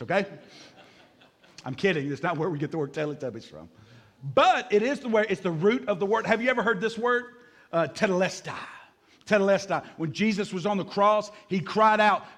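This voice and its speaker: A man preaching a sermon as pastor, energetic, repeating key words and joking with the congregation. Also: high voice, a little fast.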